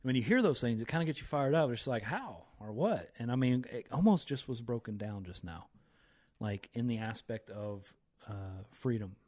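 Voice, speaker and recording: A man's voice: medium pitch, moderate pace, a little mellow. A man hosting a faith podcast, talking with fired-up, preachy energy and reciting scripture with emphasis. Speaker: podcast host.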